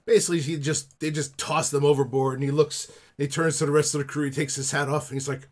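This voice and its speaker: A husky male game master narrating a tabletop game in a loose, easy style, slipping in filler words as he sets each scene. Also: fairly high pitch, level tone, fast talker, hardly any pauses.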